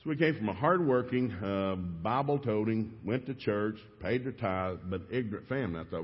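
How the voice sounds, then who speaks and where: Middle-aged man, East Tennessee Southern accent, preacher, animated storytelling, husky voice, long hall echo. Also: on the low side. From East Tennessee, USA. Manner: fast-talking, animated storyteller. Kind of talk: storytelling sermon. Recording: dull echoey church recording.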